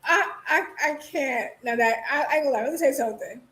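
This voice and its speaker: Woman, high voice, casual boxing talk host, giggly, chatty. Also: fast talker, sharp tone. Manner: laughs often, loose and chatty. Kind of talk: casual livestream chat.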